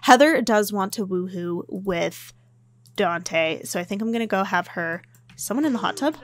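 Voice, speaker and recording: A woman giving casual, chatty commentary over a life-simulation game, excitable and quick to gasp. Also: medium pitch, no echo. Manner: chatty and excitable, with gasps and laughs. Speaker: gameplay commentator. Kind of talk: casual let's-play commentary.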